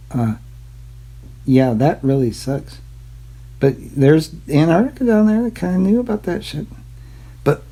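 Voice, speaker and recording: A YouTube channel host rambles casually and irreverently about old maps, swearing and poking fun at himself. His mid-range voice is warm and husky, though the audio quality is poor.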